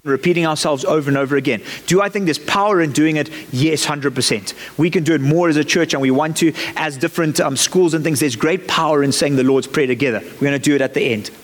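A male preacher delivers a sermon in a relaxed, conversational way, slipping in light jokes. His voice sits somewhat high for a man, and a long reverb trails each phrase around the church hall.

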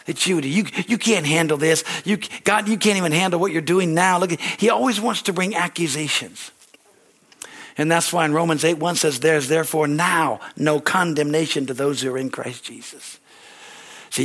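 A middle-aged man preaches with lively, storytelling energy. His voice sits a little higher than most men's. He throws out calls of amen to the room. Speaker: pastor. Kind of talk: sermon.

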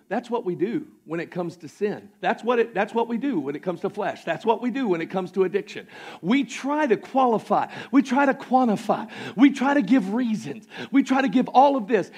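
A male pastor with a Southern American accent delivers a sermon in a notably high voice for a man. He swings between rousing, shouted declarations and sudden near-quiet asides, speaking to his congregation in a church sanctuary. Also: slightly rough.

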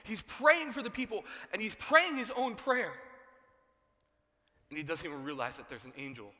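A man preaching a sermon, telling a story with animated voices for its characters. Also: sits high, normal speed, big-room sound. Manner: animated storytelling, acting out dialogue. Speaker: pastor.

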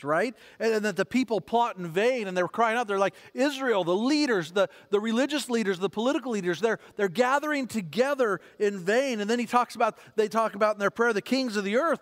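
A man with a high voice preaches a sermon to his congregation, animated and quick to repeat words as he builds his point. His voice rings out with a long reverb, as if from a large church hall. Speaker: pastor.

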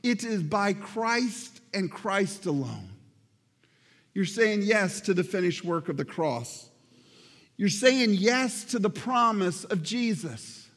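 A man's voice: high-pitched, in a large hall. A man preaching a sermon as pastor, earnest and addressing the congregation directly, repeating words for emphasis. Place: church sanctuary.

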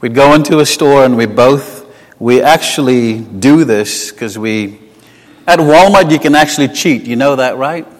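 The sermon comes from a South African man with a mid-range voice who speaks a little slowly. Conversational and full of personal stories, he moves between strong, emphatic moments and soft asides, all heard through long hall reverb.

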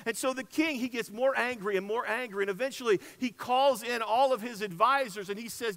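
A man preaches a sermon in a church sanctuary, retelling the story in a relaxed, conversational way and leaning on repeated phrases for emphasis. His voice sits high and sounds bright. A long hall reverb trails behind his words. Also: brisk, hardly any pauses. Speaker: pastor.

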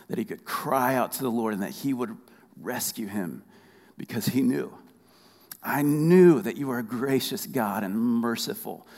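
A man's voice: medium pitch, a little mellow. Man preaching in a reverberant hall. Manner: preaching with call-and-response questions, repeating key phrases. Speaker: pastor. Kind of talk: sermon.

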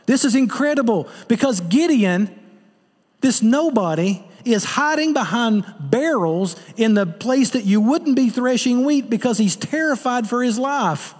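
Pastor, male, high voice, earnest preaching with rhetorical questions; long hall reverb. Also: expressive, unhurried, husky. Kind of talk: sermon.

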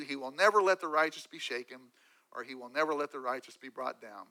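A man preaching a sermon, swinging from loud emphatic lines to quiet asides. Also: medium pitch, brisk, poor audio. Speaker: pastor.

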